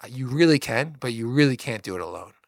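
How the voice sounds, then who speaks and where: A man's voice: mid-range voice, expressive, fast, vocal fry, no room sound, studio quality. A man co-hosting a church podcast, talking earnestly and encouragingly in a casual way, with many "like"s. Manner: earnest, encouraging, says "like" often. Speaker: podcast co-host.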